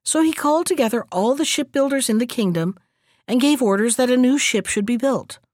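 A woman narrating a fairy tale as a storybook reading, lively and expressive. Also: on the high side, a little fast, dry recording, studio quality.

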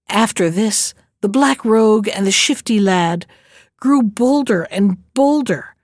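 A woman narrating a storybook tale in a steady, measured way. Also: a little high, no echo, studio quality. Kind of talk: storybook reading.

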